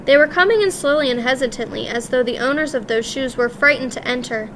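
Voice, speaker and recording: A woman narrating a children's story in the first person, in a lively, expressive way. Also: high voice, fast talker, slight background noise. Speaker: audiobook reader.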